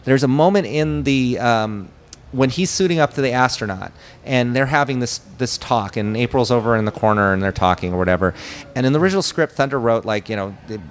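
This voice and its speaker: Brief: male director guest, mid-pitched voice, animated storyteller who slips into character lines. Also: fairly quick. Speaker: film director, podcast guest. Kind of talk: casual interview chat.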